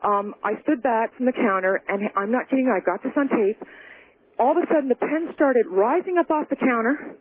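A woman calling in to a radio show, telling her story in an excited, rushed way and talking over the host. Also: fairly high pitch. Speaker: caller. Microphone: telephone. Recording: tinny phone line with faint noise.

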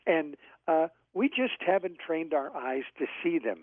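A man's voice: a little high, very animated, unhurried, no echo. A man guest speaking earnestly and reflectively in a radio interview, with some hesitations. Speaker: guest author. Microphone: telephone. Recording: tinny phone line.

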